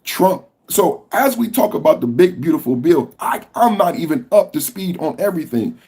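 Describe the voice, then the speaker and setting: A man hosts a political commentary podcast in a husky, slightly high voice. He argues with fiery conviction, swears freely and often pushes up into shouts. His delivery is fervent and preacher-like. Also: lively intonation, moderate pace. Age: adult with a school-age son. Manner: impassioned, profane, rising to shouts. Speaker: podcast host.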